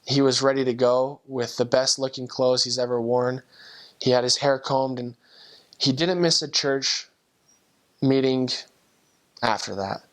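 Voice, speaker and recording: A young man with a voice of ordinary middle pitch tells a personal story from his missionary days. He speaks earnestly and from the heart, and often stumbles and restarts as he goes. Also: fairly even intonation, a little slow, pauses often. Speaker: returned missionary.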